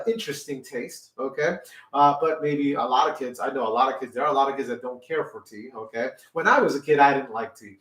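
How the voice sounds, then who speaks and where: A middle-aged man teaching a children's music lesson, patiently explaining each point, checking "okay?" and singing the syllables in a high voice. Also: a bit bright, far from the mic. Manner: sings solfege syllables in a high voice. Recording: roomy sound, a little off-mic.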